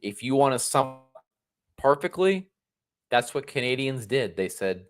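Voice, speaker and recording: A man's voice: medium pitch, sing-song, unhurried. A man in his thirties from the United States, giving sarcastic political commentary on a solo livestream, often restarting his sentences. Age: 30s.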